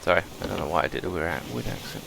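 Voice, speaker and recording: British guy talking over his game, kinda low and gravelly, chatty, explains stuff as he goes, faint noise behind. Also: level tone, rapid-fire. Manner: chatty, explains game mechanics while playing. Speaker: gameplay streamer. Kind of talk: gameplay commentary.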